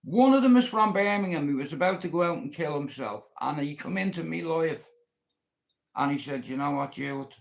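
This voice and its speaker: A man's voice: a little high, lively intonation, moderate pace, creaky. A middle-aged Irish man hosting a livestream, rambling bluntly and swearing constantly. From Ireland. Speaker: livestream host.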